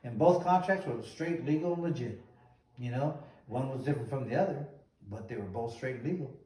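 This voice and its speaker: A man hosting a show and telling a long story in an animated, casual way, often repeating "he goes". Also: medium pitch, a little fast. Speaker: host, former boxer. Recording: roomy echo, distant mic.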